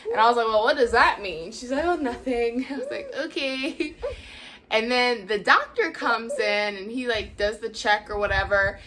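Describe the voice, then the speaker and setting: A woman's voice: on the high side, animated, normal speed, fairly bright tone, slight background noise. A young woman hosting a vlog, chatting casually and laughing often as she acts out what people said. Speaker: vlog host. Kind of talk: casual storytelling.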